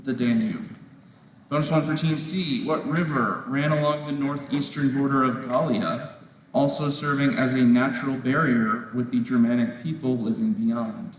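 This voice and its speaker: Man reading quiz questions, measured delivery, heard from afar, long hall reverb, faint background noise. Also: mid-range voice, steady tone, distant mic. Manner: measured, repeats questions and rules on answers. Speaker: quiz moderator. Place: large indoor competition hall.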